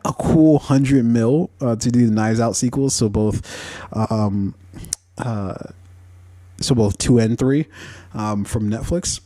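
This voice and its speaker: A man's voice: mid-range voice, slow, dark tone, dry recording. A man hosting a casual podcast, rambling and swearing freely, with lots of fillers and chuckles. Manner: profane, rambling, with frequent fillers and laughs. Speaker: podcast host.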